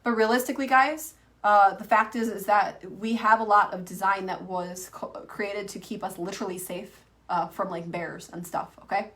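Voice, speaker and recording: A woman's voice: mid-range voice, fairly even intonation, moderate pace, a bit bright, recorded from a distance. A woman in her thirties, an online coach, teaching in a chatty, rambling way full of fillers and restarts. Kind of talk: casual teaching to camera.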